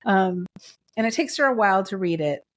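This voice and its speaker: A woman's voice: mid-range voice, lively intonation, brisk. A woman co-hosting a podcast, recapping a TV drama in casual chat with gushing, emotional enthusiasm. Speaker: podcast co-host.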